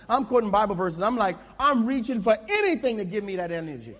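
A middle-aged male pastor preaching a sermon, telling a personal story in an animated, self-mocking way at a church camp tent. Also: high voice, fast. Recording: long reverb in a large tent, mini disc recording.

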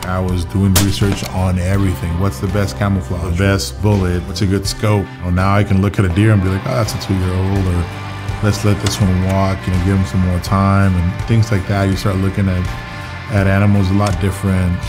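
A man's voice: deep voice, little pitch movement, fairly quick. A young man casually telling a personal story in a documentary, full of filler words and acted-out quotes. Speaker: interviewee telling his story. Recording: music playing underneath.

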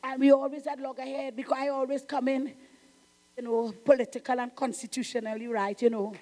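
Here a Trinidadian-accented pastor, a middle-aged woman, delivers an emphatic, fiery sermon, shouting at times and addressing the congregation directly. She speaks a little fast in a high voice with a level tone, over a slight hiss or hum.

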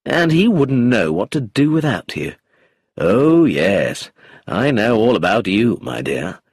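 A man's voice: lowish voice, sing-song, slow pace, darkish tone, breathy edge, dry recording, clean studio sound, heavily acted. A man playing a charming, amused rogue who is cold underneath, drawling and chuckling as he talks in a storybook reading.

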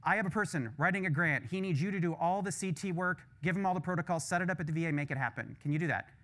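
A man quoting an older male senior researcher who fires off orders over the phone in quick succession. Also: a little high, fairly bright tone, close to an everyday voice. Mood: commanding. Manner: rapid-fire orders on the phone.

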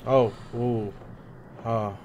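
A young man casually commenting while he plays a horror game, excitable and talking to the screen in slang, often swearing. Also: medium pitch, extremely slow, highs cut off, slight background noise. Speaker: gaming streamer.

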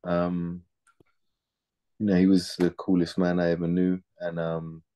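A man's voice: sits low, monotone, a little slow, mellow. A man in his thirties, an actor chatting casually in an interview, laid-back and slangy, often repeating words as he thinks.

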